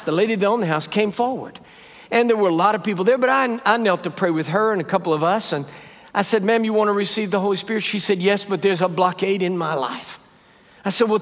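Older male preacher, storytelling sermon, pitched high, long reverb of a big sanctuary. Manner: animated, rising to high emphatic peaks. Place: church sanctuary.

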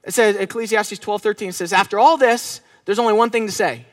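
A man's voice: high-pitched, steady tone, fairly quick, dry recording, clean studio sound. A middle-aged man preaching a conversational, emphatic sermon, often asking his listeners questions. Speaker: pastor.

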